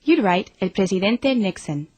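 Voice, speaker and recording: A woman's voice: medium pitch, lively intonation, moderate pace, a little mellow, no room sound. A woman reading scripted instructional narration in a plain, explanatory way.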